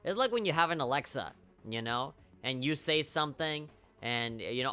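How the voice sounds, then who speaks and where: A man's voice: mid-range voice, animated, normal speed, bright, forceful tone, clean tone. A man streaming a video game live, rambling with wry, profane commentary.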